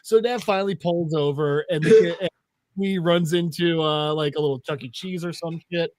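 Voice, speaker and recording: A man with a high voice hosts a comic segment on a casual podcast. He tells the story with energy and slips into character voices. The recording is dry and close. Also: normal speed, no echo. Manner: animated storyteller, acts out voices. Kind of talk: casual chat, retelling a comic.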